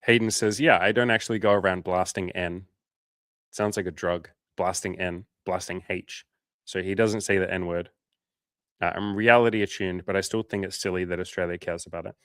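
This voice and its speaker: Blunt, low-voiced man coaching on a livestream. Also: fairly even intonation, normal speed, a bit bright, no room sound, clean studio sound. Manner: blunt, profane, frank advice. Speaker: dating coach hosting a livestream. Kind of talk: casual livestream chat, reading viewer comments.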